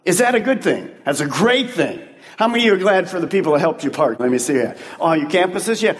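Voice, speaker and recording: A man's voice: fairly high pitch, animated, quick pace. A male pastor preaching to his congregation in an emphatic, conversational style full of rhetorical questions. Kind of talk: sermon. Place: large church sanctuary. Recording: long church-hall reverb.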